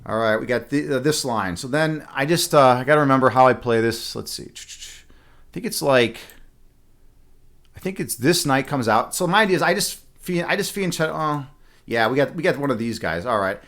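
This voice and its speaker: A man's voice: mid-range voice, animated, normal speed, a bit bright. A man live-streaming and chatting casually, a chess instructor who rambles with many fillers and restarts and laughs often.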